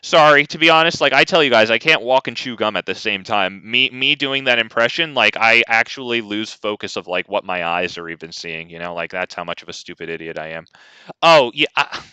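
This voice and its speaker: A man's voice: lowish voice, brisk, sharp tone, clean tone, no room sound. A man streaming a card game, ranting casually and talking to his chat. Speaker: gaming streamer. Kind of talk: casual live gameplay commentary.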